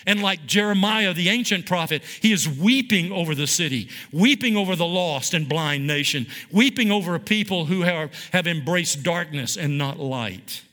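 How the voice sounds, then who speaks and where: A man's voice: fairly high pitch, bright, forceful tone. A man teaching a Bible study like a sermon, emphatic, with dramatic repeated phrases and questions to his listeners. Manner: asks the audience questions.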